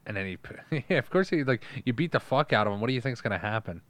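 A man's voice: medium pitch, fast. A man hosting a podcast, chatting casually and profanely as he acts out movie scenes. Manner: animated, swears a lot, acts out scenes. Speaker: podcast host. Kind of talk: casual chat retelling a movie.

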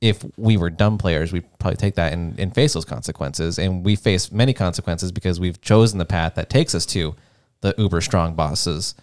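A man's voice: deep voice, normal speed, darkish tone, clear, resonant tone, dry recording, clean studio sound. A man chatting casually as a player on a tabletop gaming podcast, easygoing and joking. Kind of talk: casual chat.

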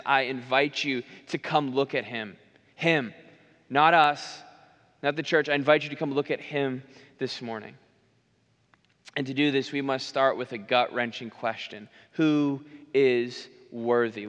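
A man's voice: medium pitch, a bit bright, in a large hall. A man preaching a sermon as a minister, earnest, building repeated lists with wry asides. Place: church sanctuary.

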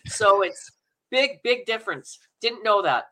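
Middle-aged canadian lady guest chatting away, laughy, rambly, really bright sharp voice. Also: mid-range voice, lively intonation, unhurried. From Manitoba, Canada. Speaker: guest, actor and acting coach. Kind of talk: casual interview chat.

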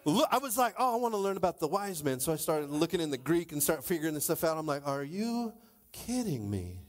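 A man preaching a sermon in church, animated, swinging between loud exclamations and low asides. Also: fast talker. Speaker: pastor.

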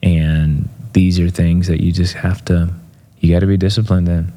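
A man's voice: low-pitched, moderate pace. A man being interviewed as a motivational speaker, telling stories casually with lots of fillers and acting out what people said. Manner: animated storyteller acting out quotes; loose, filler-heavy talk.

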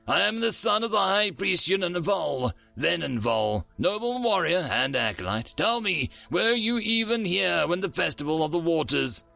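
Man doing a snarling, arrogant fanged alien noble, high and lively, gravelly edge. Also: moderate pace, few pauses, no room sound, faint music behind, exaggerated voice. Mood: sneering. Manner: sneering, snarling taunts.

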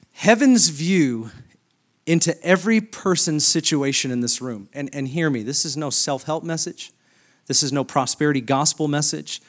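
Pastor preaching, rising to high passion. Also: male voice. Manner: builds from quiet reflective reading to loud, high, impassioned preaching. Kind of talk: sermon.

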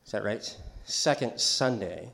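A man's voice: on the low side, expressive, measured pace, vocal fry, fairly bright tone, echoey room. A middle-aged man, a pastor, giving a conversational sermon in a church, chatty and joking, with asides and call-and-response to the congregation. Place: church sanctuary.

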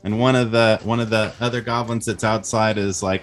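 A man's voice: lowish voice, steady tone, a little fast, few pauses, soft background music. A man narrating as game master in a casual, friendly way, with frequent fillers. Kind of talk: narrating a family tabletop game.

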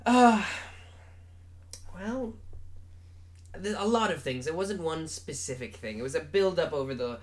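A man playing a pompous male rock singer who claims to be a god, talking loud and grand in a put-on British accent for an improvised comedy interview. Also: a little high, expressive, a little slow, pauses often. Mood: grandiose. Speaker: mock interview guest.

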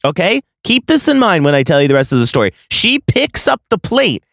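A man's voice: sits high, big pitch swings, brisk, a bit bright, no room sound, clean studio sound. A man in his late twenties hosting a solo podcast, telling a story in a profane, exasperated, sarcastic rant. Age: late 20s. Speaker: podcast host.

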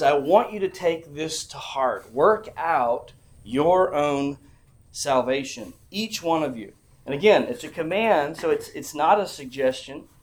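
Guy pastor giving a sermon, earnest and emphatic, kinda high voice, stumbles and restarts a lot.

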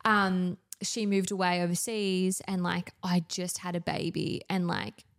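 A woman's voice: on the low side, little pitch movement, unhurried. A woman in her thirties with an Australian accent, telling stories as a podcast guest in casual chat, full of fillers. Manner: chatty storytelling, many fillers.

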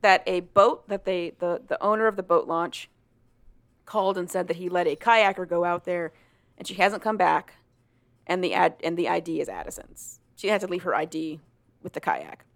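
A woman's voice: lowish voice, fairly even intonation, normal speed, gravelly. A woman co-hosting a casual chat, retelling a book's plot in a chatty way and acting out the characters' lines. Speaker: podcast co-host. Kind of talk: casual chat recapping a book.

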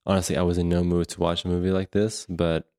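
Very deep-voiced man, dry close sound. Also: little pitch movement, darkish tone, no echo. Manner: slow, meandering storytelling. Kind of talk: casual movie review chat.

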